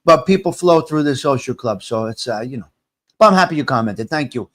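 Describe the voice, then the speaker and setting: A man's voice: medium pitch, expressive, a little fast. A man hosting a casual livestream, rambling, repeating himself and answering viewers' comments aloud.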